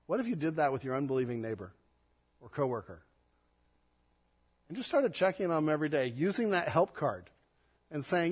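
A man, a pastor, preaching a sermon, swinging between loud emphatic stress and soft, hushed passages. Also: on the high side, very animated, fairly quick, long pauses, husky, in a large hall.

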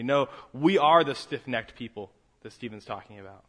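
A man's voice: mid-range voice, moderate pace, few pauses. Fervent male preacher. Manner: builds from quiet reflection to fervent raised delivery. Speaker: pastor. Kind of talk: sermon.

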